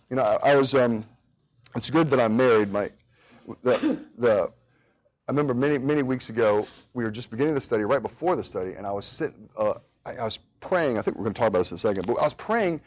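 A man's voice: mid-range voice, big pitch swings, a little fast. Man, 30s, earnest, repeats lines for emphasis, teaching a church study group, muffled recording. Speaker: Bible study leader. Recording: dull lo-fi recording.

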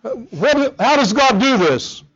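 A man's voice: very high voice, sing-song, unhurried, a bit bright, husky, dull audio. A man preaching a sermon, earnest and emphatic, often repeating words as he drives a point home. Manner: earnest, emphatic, with frequent repetitions.

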